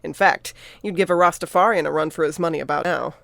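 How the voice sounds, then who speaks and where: A woman's voice: deep voice, fast, vocal fry, a bit bright, no room sound. A woman voicing a wry young man who talks in a dry, teasing, sarcastic way in an audiobook.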